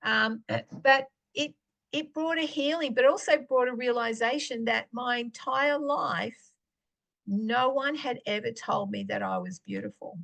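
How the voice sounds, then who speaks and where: A middle-aged woman, sharing a faith testimony in a chatty, animated storytelling way. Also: a little high, measured pace, creaky. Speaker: podcast host.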